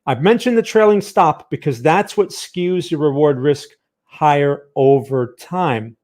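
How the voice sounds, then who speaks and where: A man's voice: on the high side, measured pace, a little mellow. A man hosting a live market analysis stream, chatty and tired, who often asks "right?" and talks close to a microphone. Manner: chatty, reads viewer chat aloud, asks "right?" often. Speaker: trading channel host. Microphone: close studio microphone.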